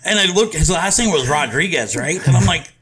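A man's voice: on the high side, expressive, fairly quick, a bit bright, breathy edge. Profane, storytelling podcast host man. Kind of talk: casual chat.

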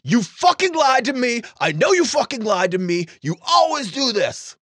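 A man's voice: extremely high pitch, big pitch swings, normal speed, a bit bright, dry recording, clean studio sound, pitched above the performer's own voice, exaggerated voice. A man voicing a furious, crying young man screaming raw threats. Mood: enraged.

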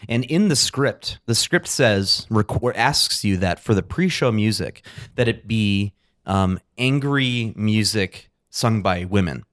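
Laid back guy co-hosting a podcast, lowish voice, swears a bit. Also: animated, takes it slowly, a bit bright. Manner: loose, easygoing, swears casually. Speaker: podcast co-host. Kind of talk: casual podcast chat.

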